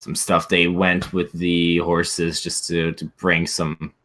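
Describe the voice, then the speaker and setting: Man voicing a stranded wagon owner, polite, hesitant, very deep voice. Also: completely flat delivery, takes it slowly, a bit bright, slight background noise. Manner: polite, hesitant, laughs nervously.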